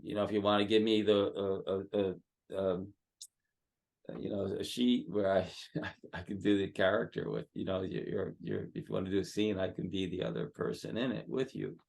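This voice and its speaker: A man, a headshot photographer, giving rambling, halting advice full of fillers as a guest in an online seminar. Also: deep voice, creaky, a little mellow.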